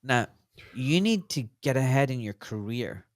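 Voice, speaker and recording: A man's voice: medium pitch, animated, unhurried, no room sound, studio quality. A man in his forties, a doctor and podcast guest, telling stories bluntly and animatedly, swearing freely in casual conversation.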